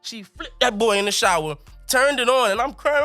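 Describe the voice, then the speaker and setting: Animated, high-voiced young man telling a story. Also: normal speed, soft background music. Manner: animated, laughing, colorful slang. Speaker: podcast guest. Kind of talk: comic storytelling.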